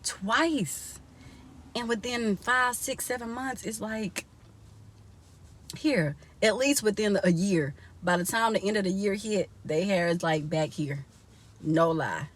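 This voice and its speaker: A woman's voice: medium pitch, a little slow. A young woman vlogging casually from inside a car, chatty and laughing often as she talks to her viewers.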